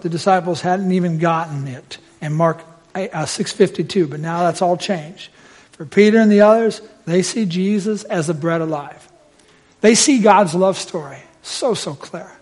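A middle-aged man preaching a sermon in a church, telling a family story and swelling loud at the climaxes. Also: sits high. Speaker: pastor.

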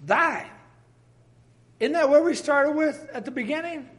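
High-voiced, exuberant male preacher. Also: a little fast. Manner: exuberant, exclaiming, conversational preaching. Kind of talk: sermon.

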